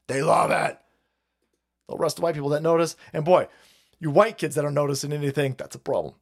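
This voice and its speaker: Ranting, foul-mouthed male stream host. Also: fairly high pitch. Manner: swearing, ranting, repeating phrases, laughing to himself. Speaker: livestream host. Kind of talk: profane political rant.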